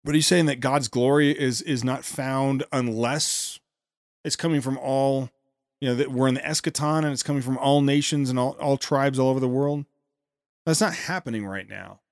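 Man, podcast host, sarcastic commentary, quick asides, dry close sound. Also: mid-range voice, dry recording. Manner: sarcastic, rapid asides with restarts. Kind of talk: critical commentary on a played speech.

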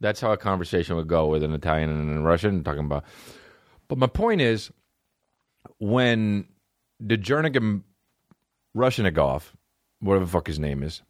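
A man's voice: low voice, lively intonation, normal speed, pauses often, no room sound, studio quality. A man hosting a comedy podcast, riffing in a rambling, profane monologue. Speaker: podcast host. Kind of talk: stand-up style comedy monologue.

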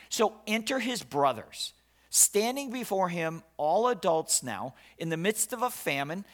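Guy preaching a sermon, voice swings all over, kinda high, dramatic storytelling, keeps repeating himself for effect. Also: a bit bright. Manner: dramatic, emphatic storytelling with restarts and repetition. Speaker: pastor.

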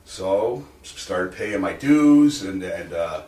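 Animated man telling wrestling stories, roomy sound. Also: deep voice, slow pace. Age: 40s or older. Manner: animated storyteller who acts out quotes, swears and laughs often. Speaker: guest, wrestling manager and comic hypnotist. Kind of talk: casual storytelling interview. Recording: roomy echo from a distant mic with faint noise.

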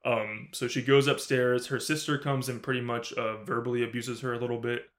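A man's voice: mid-range voice, a little fast. A man co-hosting a movie review podcast, chatting casually, swearing freely, laughing often and acting out lines from the film. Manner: animated, swears a lot, laughs often, acts out character lines. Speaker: podcast co-host.

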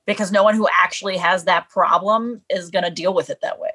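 A woman's voice: fairly low pitch, fairly even intonation, a little fast, a bit bright. A woman chatting frankly on a podcast, laughing often. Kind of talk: casual podcast banter.

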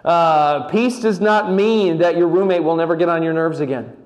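A man giving a sermon as pastor, often repeating words and restarting, slowing down on key phrases. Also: fairly high pitch, a little mellow.

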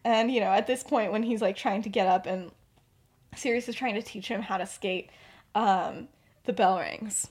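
A young adult woman hosting a podcast, telling a fan-fiction story in a casual, rambling way, often giggling and filling pauses with "like" and "um". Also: mid-range voice, darkish tone, breathy edge. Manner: giggly, rambling, filler-heavy. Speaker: podcast host.

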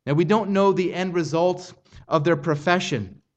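A man's voice: high-pitched, moderate pace, highs cut off. Earnest man preaching a sermon. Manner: earnest expository preaching, rising intensity on quoted lines. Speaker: pastor.

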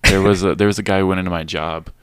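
A man's voice: low-pitched, fairly even intonation, very fast, clean tone, dry recording. A man chatting casually on a podcast, blunt and opinionated, rambling with lots of filler words.

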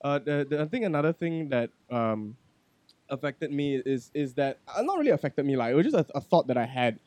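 A man's voice: on the high side, a little fast, no room sound. Candid man, dry close sound. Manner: candid and profane, swings between quiet reflection and loud animated storytelling. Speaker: podcast guest. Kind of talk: casual podcast chat.

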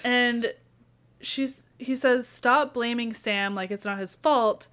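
A young woman co-hosting a casual book chat, wryly retelling scenes with quick quoted lines. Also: on the high side, a bit bright. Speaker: podcast co-host.

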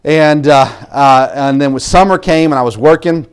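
A man's voice: a little high, normal speed, clean tone. A man preaching a sermon as pastor, talking in a loose, conversational way with asides, restarts and small laughs. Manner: conversational, self-interrupting, laughs at own asides.

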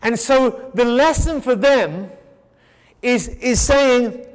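Male Bible teacher, sermon delivery, high voice, emphatic repetition, stammered restarts; hall reverb. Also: slow. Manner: emphatic, repetitive rhetorical build-ups.

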